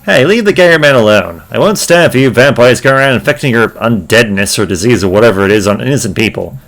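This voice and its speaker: A man's voice: mid-range voice, expressive, quick pace, vocal fry, fairly bright tone, soft background music. A man voicing a game's adventurer hero, scolding and exasperated. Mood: indignant.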